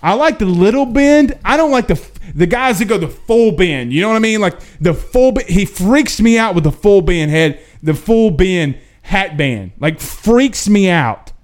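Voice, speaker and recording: Animated sports host, high voice. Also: male voice, normal speed, few pauses. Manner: animated, drawling, folksy asides. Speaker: sports talk show host. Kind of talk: casual live-stream chat reading viewer questions.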